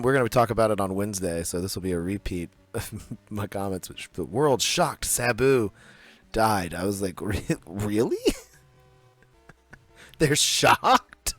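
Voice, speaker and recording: A man's voice: on the low side, animated, fairly bright tone, no room sound. Giggly podcast guy on a video call. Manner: giggly, retells scenes doing quick voices. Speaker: podcast co-host. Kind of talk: casual chat.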